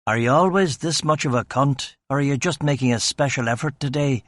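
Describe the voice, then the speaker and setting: A defiant detective, as a male narrator puts him on, his voice pushed up higher than the narration. The retorts come out sardonic and cutting, dry and close. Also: fairly quick, no room sound, close to an everyday voice. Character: wisecracking Northern Irish detective, battered, defiant.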